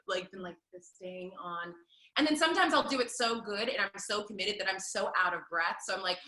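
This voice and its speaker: A woman in her thirties, a stage performer, answering interview questions in an animated, chatty way with lots of fillers. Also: mid-range voice, moderate pace, reverberant, poor audio. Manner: animated, laughs often, many fillers. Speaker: Broadway performer, guest.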